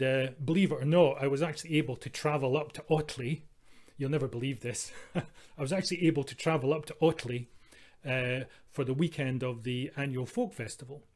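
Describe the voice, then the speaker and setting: A Scottish man introducing his next number in a folk set. His patter is dry and wry, full of deadpan asides and a storyteller's timing. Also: medium pitch. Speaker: folk singer. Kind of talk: comic patter between songs.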